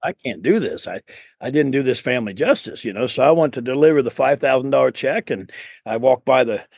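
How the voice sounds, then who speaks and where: A middle-aged man recounts his early career as an interview guest, earnest and rambling, looping back on himself with restarts and asides. His voice sits at a middle pitch with a gravelly edge, and the recording is close and dry. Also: expressive, fairly quick, darkish tone, no echo. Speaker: guest, insurance sales coach. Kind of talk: storytelling in an interview.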